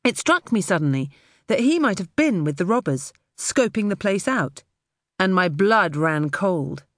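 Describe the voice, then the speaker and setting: Expressive woman narrating an audiobook. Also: medium pitch, unhurried, no room sound, studio quality. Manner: expressive first-person storytelling.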